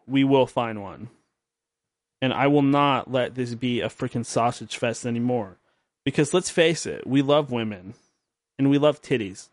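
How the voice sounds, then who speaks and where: A man's voice: medium pitch, no echo. A man hosting his own late-night podcast, rambling and joking at his own expense, tired and drowsy. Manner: rambling, joking, self-mocking. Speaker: podcast host. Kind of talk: late-night radio show monologue.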